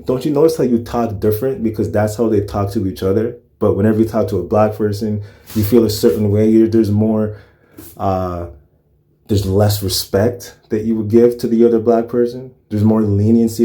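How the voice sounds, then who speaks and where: A man's voice: fairly low pitch, dark tone. A man reacting to a clip with casual commentary, earnest and lecturing, often asking rhetorical questions.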